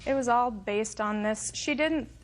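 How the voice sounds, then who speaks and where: A woman's voice: on the high side, a little slow. A woman plaintiff giving a curt, matter-of-fact account in court. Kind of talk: testimony in court.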